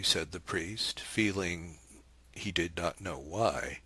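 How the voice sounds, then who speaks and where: A man narrates a novel in a deep voice with an unhurried, measured pace. His tone is bright yet husky, and the recording is close and dry with no room sound. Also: dry recording. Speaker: audiobook narrator.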